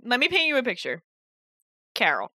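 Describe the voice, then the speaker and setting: Fast-talking woman with a Jersey accent. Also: fairly high pitch, a crowd in the background. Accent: New Jersey. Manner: fast, animated storytelling. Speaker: podcast co-host. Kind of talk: casual chat about a podcast.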